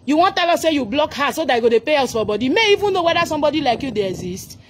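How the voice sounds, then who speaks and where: Scolding high-voiced Nigerian woman. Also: sing-song, very fast, a little hiss or hum. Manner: scolding, mocking, mixing pidgin. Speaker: commentator. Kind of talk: angry reaction rant.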